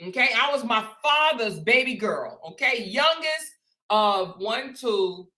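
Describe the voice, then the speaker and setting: A woman host telling a personal story to her viewers, animated and chatty, calling them "y'all" and "honey". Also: fairly high pitch, slow. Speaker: show host.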